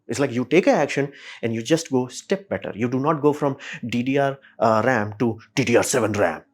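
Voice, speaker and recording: A man rants at a rapid clip, blunt and opinionated. His pitch sits in a middling range, and he keeps breaking into quick impressions of the people he argues against. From India. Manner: ranting, blunt, swears, mimics others in quick asides. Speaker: channel host. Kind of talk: opinionated solo commentary.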